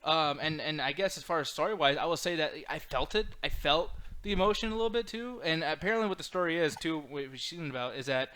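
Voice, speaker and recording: A man hosting a casual movie review chat, animated and profane, prompting the others for verdicts. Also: on the high side, fast talker, hardly any pauses, clear, resonant tone. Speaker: host.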